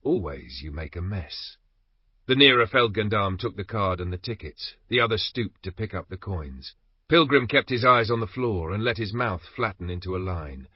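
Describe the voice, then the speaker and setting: Low husky male audiobook narrator. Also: expressive, moderate pace, no echo. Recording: dry, slightly dull recording.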